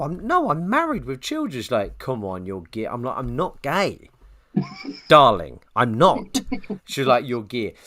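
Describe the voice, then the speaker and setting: A man co-hosting a podcast, telling a long anecdote and jumping into high quoted voices. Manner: animated storyteller, jumps pitch for quoted voices. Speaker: podcast co-host.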